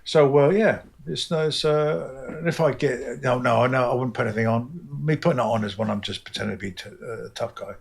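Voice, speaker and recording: Gravelly animated English man, swears freely. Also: brisk, hardly any pauses. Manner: animated, swears freely, jumps into high mimicking voices. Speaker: comic book artist. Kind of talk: casual interview chat.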